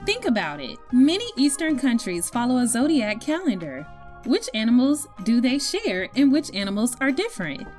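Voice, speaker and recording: A woman reading a children's story aloud to young listeners in an expressive storytelling voice. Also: on the high side, moderate pace. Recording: faint music behind.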